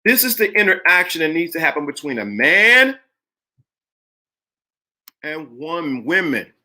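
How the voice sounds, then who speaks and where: A man's voice: on the high side, sing-song, measured pace, pushed and bright. A man hosting a live-streamed talk show, speaking emphatically, greeting chat viewers by name and repeating phrases for effect. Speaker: livestream host.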